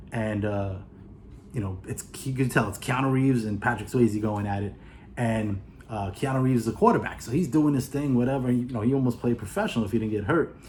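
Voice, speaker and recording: A man's voice: mid-range voice, warm tone, slight background noise. A man casually retelling a movie plot for his video review, rambling with lots of "you know" and "uh" and acting out the characters' lines. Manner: acts out the characters' lines in quick asides.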